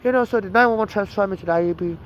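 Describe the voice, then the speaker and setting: A man's voice: sits high, very fast. A man with a Nigerian accent telling a long story in an agitated, rambling way, full of restarts and "you know". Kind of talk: casual storytelling monologue. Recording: dull lo-fi outdoor recording with traffic.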